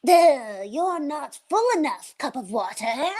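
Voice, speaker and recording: A woman's voice: sits high, lively intonation, takes it slowly, a little mellow. A woman voicing a nagging little shame voice. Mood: scornful. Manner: scolding, dismissive. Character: bossy nagging male inner voice of shame.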